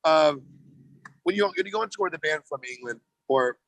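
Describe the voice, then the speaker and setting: A laid-back American man who jokes and swears freely while chatting as a podcast guest. His voice sits a little high for a man. The sound is dry and close. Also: lively intonation, brisk, gravelly, a bit bright, no room sound, low-quality recording. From United States. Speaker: touring band member, podcast guest. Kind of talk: casual chat.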